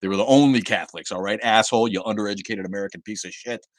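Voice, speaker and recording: A man's voice: lowish voice, rapid-fire, dry recording. Angry profane man ranting on a livestream. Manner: heated, profane, repeats and restarts words. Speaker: livestream host. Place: home livestream setup.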